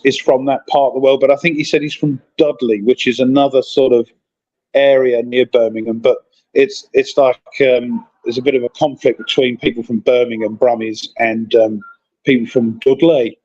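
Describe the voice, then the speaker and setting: A man's voice: medium pitch, a little mellow. Guy rambling on about his weekend, chatty, kinda muffled lo-fi sound. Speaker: regular calling in from a convention. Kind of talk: casual chat. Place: convention hotel.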